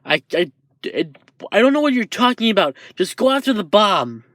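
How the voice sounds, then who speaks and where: A man voicing an impatient, hurried young male hero in a fan-told story. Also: high-pitched, animated, sharp tone, dry recording, studio quality.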